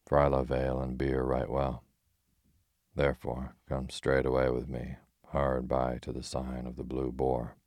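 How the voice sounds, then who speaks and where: A man's voice: very deep voice, gravelly, a little mellow, no echo, clean studio sound, heavily acted. A man voicing a bold, cheerful outlaw who jests in old-fashioned speech, in an audiobook reading. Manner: archaic speech, measured, teasing.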